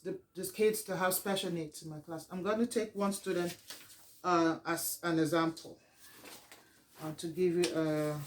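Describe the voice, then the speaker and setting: A teacher presenting a lesson plan in a halting, explanatory way, pausing to gather their thoughts. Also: mid-range voice, slight background noise, low-quality recording.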